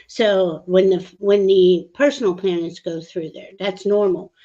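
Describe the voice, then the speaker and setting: A woman's voice: mid-range voice, steady tone, unhurried, warm tone. A woman astrologer in casual chat, rambling and often correcting herself with frequent fillers. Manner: rambling, self-correcting, frequent "you know". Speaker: astrologer guest. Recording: slightly dull lo-fi audio.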